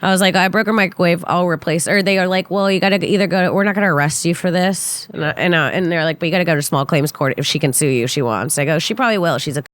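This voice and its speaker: A young woman on a podcast, casually telling a story in an animated way and acting out the quotes with big jumps in pitch. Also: very fast, few pauses, no echo. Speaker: podcast guest, comedian.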